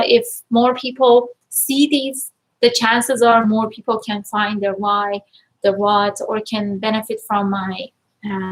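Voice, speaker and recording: A woman coach talking casually to viewers on a live stream, energetic and upbeat, effusively thankful and at times close to tears. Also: fairly high pitch, rough recording. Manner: emotional, near tears at times. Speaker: life and money mindset coach.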